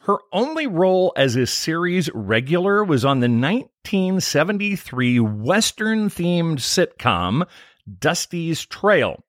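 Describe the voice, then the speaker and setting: Brief: upbeat man co-host reading recap notes, animated pitch, dry close sound. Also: slow pace, no room sound. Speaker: podcast co-host. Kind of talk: scripted episode recap.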